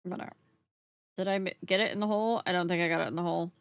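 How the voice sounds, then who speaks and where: A woman's voice: lowish voice, fairly even intonation, racing, clear, resonant tone, no room sound, studio quality. A woman streamer chatting casually with her live chat while she crochets, swearing freely and laughing often.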